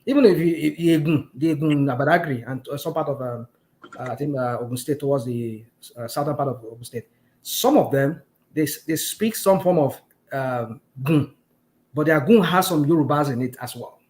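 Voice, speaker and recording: A man's voice: on the high side, moderate pace, darkish tone. A Nigerian man hosting a casual chat, explaining earnestly with many fillers. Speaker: host.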